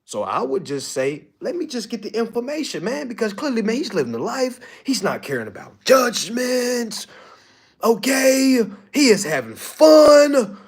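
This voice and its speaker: Blunt, animated man with a lively voice. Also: very high-pitched, a little slow, slightly rough. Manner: blunt, profane, animated, repeats "all right?". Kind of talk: casual motivational monologue.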